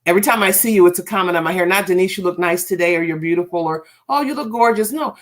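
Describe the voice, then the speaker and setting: A woman's voice: lowish voice, quick pace, hardly any pauses. A woman in casual chat, talking bluntly and emphatically, repeating firm commands.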